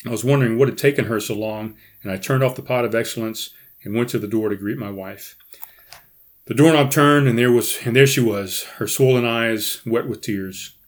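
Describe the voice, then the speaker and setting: Animated male storyteller reading his book. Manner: animated, pitch jumps up in quoted dialogue, quiet asides. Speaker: podcast host reading his own book.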